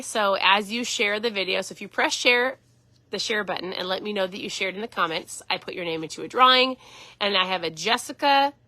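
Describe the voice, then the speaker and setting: A woman's voice: medium pitch, pushed and bright, no echo. A woman in her forties, a keto coach, chatting earnestly on a casual live stream.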